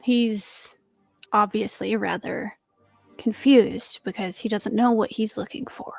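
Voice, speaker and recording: Gravelly-voiced woman player. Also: medium pitch, fairly even intonation, slow pace, a little mellow, no echo. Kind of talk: playing a character in a tabletop game.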